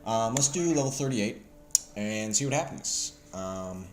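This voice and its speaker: Casual male game commentator with a Southern US accent, lowish voice, relaxed and profane, home desk mic. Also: slow pace, slight background noise. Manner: loose, profane, filler-heavy. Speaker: gameplay video host.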